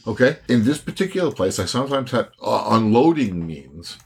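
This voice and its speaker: A man telling a long, profane story in casual chat, loud and animated. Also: medium pitch, moderate pace, vocal fry, slight background noise. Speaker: podcast co-host.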